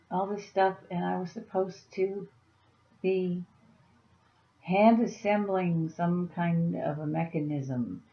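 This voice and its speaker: A woman vlogging casually, rambling through a dream story and talking softly to her cat. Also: on the low side, reverberant, dull audio. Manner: meandering, soft-spoken to her cat. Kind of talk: casual vlog.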